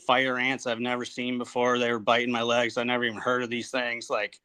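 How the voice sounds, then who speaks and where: A man in his forties from upstate New York, a Marine veteran recalling his service in a halting, plainspoken way, full of fillers and restarts. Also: mid-range voice, monotone, pushed and bright, smooth. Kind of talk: casual interview storytelling.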